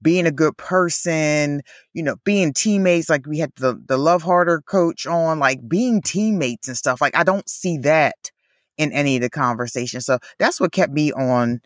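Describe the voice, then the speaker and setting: A woman with a low voice co-hosts a podcast, chatting casually at normal speed, laughing often and filling her talk with "like" and "you know." The recording is dry and studio quality.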